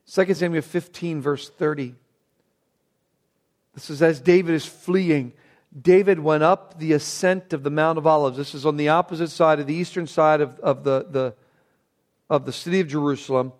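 A man preaching a Bible sermon, dropping to a hushed, reverent tone and then rising into emphatic, repeated phrases. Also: a little high, normal speed. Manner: swings between hushed reverent passages and raised emphatic bursts; repeats words when building a point. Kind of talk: expository sermon.

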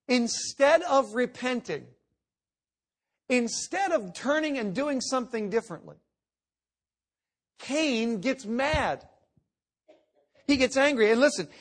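A man preaching a sermon, emphatic, swinging between loud declarations and hushed asides, sometimes acting out quoted voices. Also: high voice. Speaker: pastor.

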